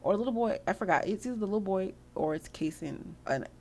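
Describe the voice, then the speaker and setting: Young woman, casual gameplay commentary; rapid, slangy, a bit of gravel in a lowish voice. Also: animated, a little mellow. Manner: slangy, chatty, swears freely. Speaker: gameplay video host.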